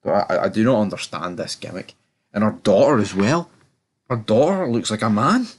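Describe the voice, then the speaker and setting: A man's voice: fairly low pitch, expressive, brisk. A man giving a casual, rambling review of a TV episode, often stammering and repeating words. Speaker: TV show reviewer.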